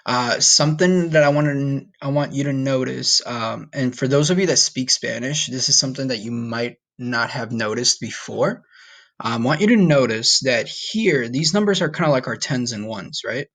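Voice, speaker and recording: Man, teacher, recorded online lesson, patient, slow drills, mid-pitched voice. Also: fairly bright tone. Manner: patient, repeats okay and all right often; says numbers slowly for students to repeat. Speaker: Spanish teacher.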